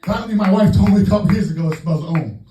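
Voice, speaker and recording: A man doing a stand-up set in a comedy club, brash and profane with loud punchlines. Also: sits high, very fast, a little hiss or hum. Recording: roomy club sound from far off with crowd. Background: audience laughing.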